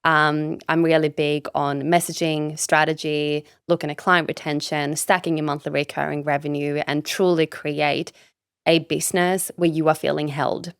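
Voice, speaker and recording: A woman's voice: low-pitched, flat delivery, moderate pace, clean tone, no echo, studio quality. A woman from Sweden, a business coach talking as a guest on a podcast, candid and emphatic, swearing freely and leaning on "like" and "you know". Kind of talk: casual podcast interview.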